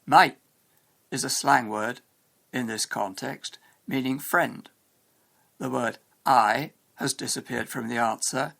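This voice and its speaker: A man giving a scripted lesson in a measured, explanatory way. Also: mid-range voice, fairly even intonation, vocal fry, fairly bright tone. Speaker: English teacher. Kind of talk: scripted educational narration.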